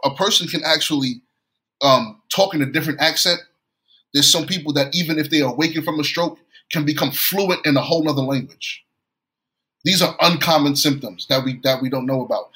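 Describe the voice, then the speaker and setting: A man's voice: a little high, pushed and bright, low-quality recording. A man from New York preaching a sermon, telling a story and often repeating and restarting his phrases.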